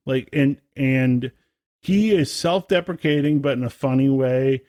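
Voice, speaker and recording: A man's voice: mid-range voice, a little slow, darkish tone, no echo. Rambling man in a dry room. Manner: rambling, filler-heavy, enthusiastic. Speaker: podcast co-host. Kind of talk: casual chat.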